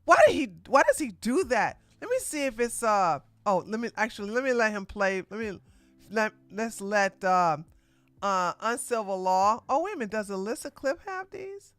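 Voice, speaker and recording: A woman talks through a reaction stream in a loose, rambling way, doubling back to correct herself. Her pitch swings up and down a lot. The sound is close and dry, with soft music under it. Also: expressive, moderate pace, no room sound. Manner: rambling, self-correcting, chatty. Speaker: stream commentator. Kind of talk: casual reaction commentary.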